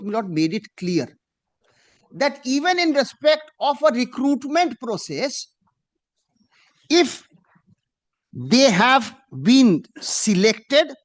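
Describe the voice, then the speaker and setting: A man, arguing a case before a judge in a courtroom, deferential and emphatic, slowing down to read judgments aloud. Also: extremely high pitch. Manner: deferential, addressing the bench as "my lord" again and again; slow and emphatic when reading out judgments. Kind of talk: formal courtroom argument.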